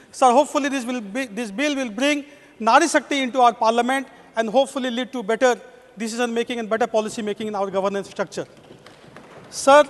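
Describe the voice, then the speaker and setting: High-voiced Indian man addressing parliament. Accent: Indian English. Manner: formal, says "sir" constantly. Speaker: member of parliament. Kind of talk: parliamentary speech. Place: parliament chamber. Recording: long echo of a large chamber.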